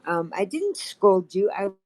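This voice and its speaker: A woman's voice: medium pitch, sing-song, normal speed, a little mellow, slight background noise, low-quality recording. A woman guest on a casual online chat, frank and frazzled, laughing and swearing freely. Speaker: guest co-host.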